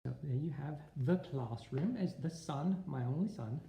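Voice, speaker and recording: A teacher from Texas leads a joking walking tour in a put-on Australian accent. His voice is dark, mellow and gravelly. It echoes through empty school hallways with a faint hum behind it. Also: a little high, lively intonation, normal speed. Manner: playful, jokey, self-deprecating asides. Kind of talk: walking video tour narration.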